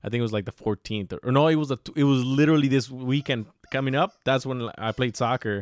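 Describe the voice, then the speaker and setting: A man's voice: mid-range voice, quick pace, no room sound. A man chatting casually as a podcast co-host, rambling loosely, swearing freely and acting out his own reactions. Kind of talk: casual chat.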